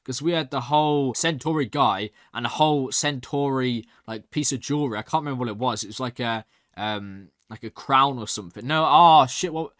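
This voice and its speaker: A young man hosting a reaction channel, excitedly rambling through a recap with lots of "like". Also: medium pitch, brisk, no room sound, clean studio sound. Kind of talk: casual recap and review.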